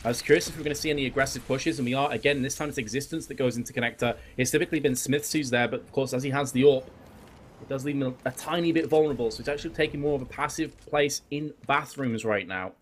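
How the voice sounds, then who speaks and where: A man's voice: mid-range voice, quick pace, a little hiss or hum. A man giving color commentary on an esports match with dry, teasing banter. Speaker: esports analyst.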